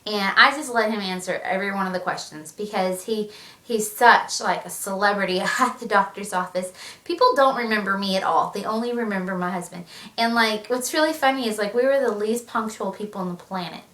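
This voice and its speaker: A woman's voice: medium pitch, fairly quick, fairly bright tone. A young pregnant woman chatting animatedly in a casual vlog, laughing often. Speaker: vlogger. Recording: echoey room, mic at a distance.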